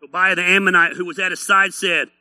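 Animated male pastor preaching, high voice, very bright, dry sound. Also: fairly quick, no echo. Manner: blunt, teasing, animated preaching. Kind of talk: sermon.

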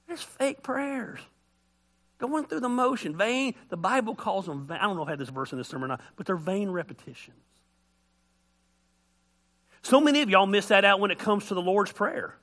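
A man's voice: high-pitched, normal speed, pauses often. A middle-aged man preaching a folksy, joking sermon as a pastor, acting out voices as he tells stories. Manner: animated storytelling, acts out voices.

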